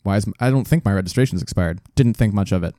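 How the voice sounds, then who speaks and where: A man with a fairly low, mellow voice tells a story in a loose, rambling way, cursing often and doubling back to fix details. He is close on a studio desk mic with a dry, dead sound. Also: rapid-fire, no room sound. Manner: rambling, profane, self-correcting. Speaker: podcast host telling a story. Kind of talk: casual storytelling chat.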